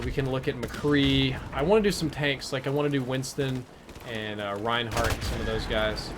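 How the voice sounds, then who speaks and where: Male streamer, mid-pitched, casual chatty commentary, gunfire noise in the background. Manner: chatty, answers chat between plays. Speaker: live-stream gamer. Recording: game gunfire under the voice.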